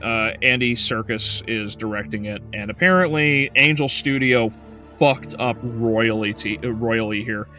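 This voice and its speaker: A man's voice: mid-range voice, a little slow, pushed and bright, soft background music. A male game streamer in casual livestream chat, ranting heatedly with profanity and frequent stumbling restarts.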